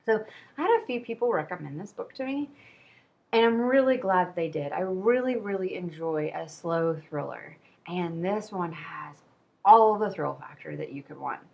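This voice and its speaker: A woman's voice: fairly low pitch, expressive, moderate pace, gravelly, lo-fi sound. A woman hosting a casual book review video, chatty and rambling, poking fun at herself. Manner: chatty, rambling, self-deprecating. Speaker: book vlogger.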